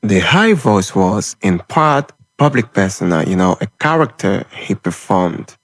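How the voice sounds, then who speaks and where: A man's voice: on the low side, sing-song, unhurried, no room sound. A man delivering an impassioned, opinionated film commentary monologue in short, punchy phrases.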